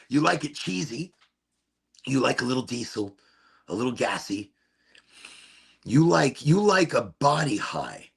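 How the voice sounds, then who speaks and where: A man hosting his own podcast, rambling in a relaxed, playful and self-amused way. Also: medium pitch, gravelly, slightly rough. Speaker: podcast host. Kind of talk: casual stoned monologue.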